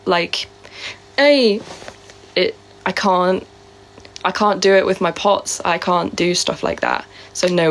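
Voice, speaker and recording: Chatty woman live streamer. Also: mid-range voice. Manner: chatty and rambling, with many fillers. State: sore throat. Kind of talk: casual live-stream chat answering viewer comments.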